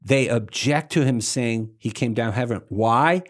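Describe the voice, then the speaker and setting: Man, bible teacher, casual conversational teaching, playful slangy asides, animated acted-out quotes, mid-pitched voice. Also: a little slow. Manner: animated, acts out the crowd and Jesus in quoted voices.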